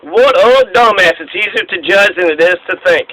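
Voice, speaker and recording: A man's voice: sits high, animated, normal speed, bright, forceful tone, poor audio. A man ranting angrily about politics and the news, swearing freely and taking a sarcastic tone. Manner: angry, profane, sarcastic. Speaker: political commentator. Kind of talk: profane ranting monologue.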